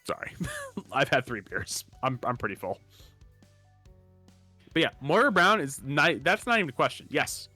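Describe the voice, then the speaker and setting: A man's voice: medium pitch, normal speed, long pauses, soft background music. A man co-hosting a live stream in casual chat, rambling and laughing often. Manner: rambling, animated, laughs often, restarts words. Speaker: streamer co-host.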